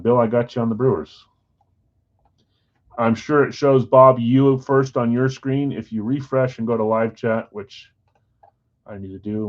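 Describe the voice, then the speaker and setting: Low-voiced man hosting a live card break. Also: dull audio. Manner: relaxed, chatty, talks straight to viewers by name. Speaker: host of a live sports card break stream. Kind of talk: casual live-stream chat, reading out team assignments.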